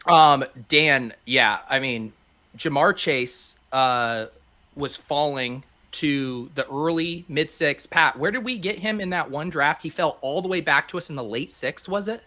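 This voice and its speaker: A man's voice: a little high, a little slow, pushed and bright. A man co-hosting a casual sports podcast, laid-back and chatty, laughing often. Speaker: co-host.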